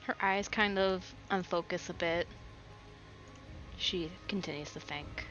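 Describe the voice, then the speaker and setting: Woman game master, bright tone, casual rambling narration. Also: lowish voice, a little slow, lo-fi sound, faint music behind. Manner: casual, filler-heavy narration.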